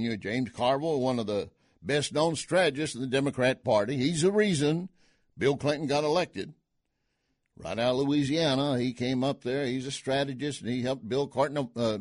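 A man's voice: medium pitch, no echo, clean studio sound. Sarcastic man hosting political talk radio. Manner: sarcastic, folksy, scoffing. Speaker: radio talk show host.

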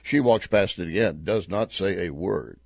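A man's voice: deep voice, normal speed, vocal fry, no room sound. A middle-aged man hosting a talk radio show, commenting on news and telling a joke with chuckling asides. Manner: animated storyteller, chuckling asides.

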